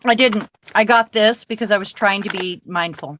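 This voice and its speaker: A woman's voice: mid-range voice, normal speed, a bit bright, lo-fi sound, a little hiss or hum. A woman casually chatting and rambling while she makes cards on a livestream, laughing now and then. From Washington state. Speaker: card-making livestream host. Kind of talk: casual chat while crafting.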